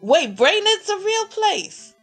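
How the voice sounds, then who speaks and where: A woman with a New York accent casually commentating a video game tournament, excitable and quick to laugh. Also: very high voice, soft background music.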